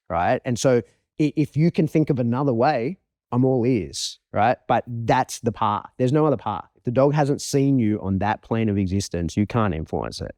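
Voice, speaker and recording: An Australian man chats casually as a guest dog trainer. His voice is mellow and a little dark, recorded dry and close. He tells animated stories and puts on voices for the people and animals in them. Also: medium pitch, brisk, dry recording. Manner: animated storyteller, acts out voices. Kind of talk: casual podcast chat.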